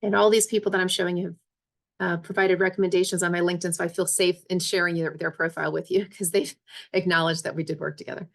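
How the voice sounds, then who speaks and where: A woman's voice: lowish voice, level tone, quick pace, gravelly. A woman presenting a career webinar as a resume coach, talking casually and checking in with her listeners often.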